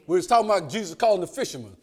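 An older man preaching a sermon, calling out to the congregation and rising to shouts. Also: high voice, sing-song, very fast, husky.

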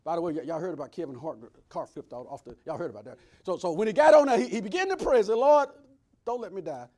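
A man preaching a sermon, swinging between loud preaching and hushed asides. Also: a little high, expressive, racing. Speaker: pastor.

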